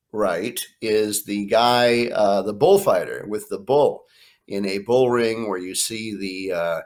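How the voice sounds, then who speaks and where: An American man, a Spanish teacher, talking students through a worksheet in a screencast lesson, with lots of uh fillers and Spanish phrases read aloud. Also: fairly low pitch. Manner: plain explaining pace with frequent uh fillers, drops into Spanish phrases. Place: home or classroom with art prints behind him.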